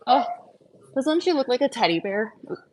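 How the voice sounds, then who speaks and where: A woman breeding dogs who chats on a casual live stream at home, switching between high sing-song baby talk to puppies and low chatty asides. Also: big pitch swings, moderate pace, background noise.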